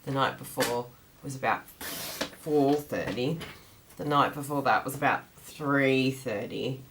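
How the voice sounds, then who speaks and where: Low-voiced chatty woman with a groggy morning voice. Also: unhurried, background noise. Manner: chatty and rambling, laughs often. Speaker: craft class host. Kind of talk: casual livestream chat.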